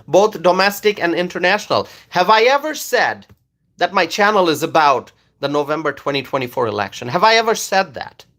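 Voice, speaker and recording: A man's voice: high voice, sharp tone. A man doing live-stream political commentary into his phone, repeating his points emphatically and asking rhetorical questions.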